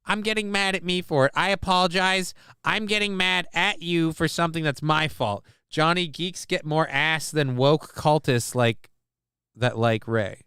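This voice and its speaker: A man runs a casual live stream, talking with a bright, sharp-edged voice that comes through crisp and smooth. He rambles and swears freely and makes fun of himself. The sound is dry and close on the mic, with no room echo. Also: a little high, unhurried. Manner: rambling, sweary, self-mocking. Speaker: streamer host.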